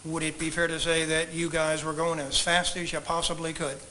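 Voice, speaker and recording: Bright-voiced man questioning in court. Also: fairly high pitch, level tone, a little hiss or hum, poor audio. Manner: measured, polite, leading questions. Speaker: trial attorney questioning a witness. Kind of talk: courtroom examination.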